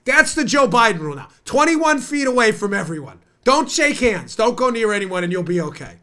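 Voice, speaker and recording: Bright, animated ranting male host. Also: high voice, fairly quick. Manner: sarcastic, ranting, mocking. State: stuffed up from a cold. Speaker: political talk show host. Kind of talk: opinionated talk show monologue.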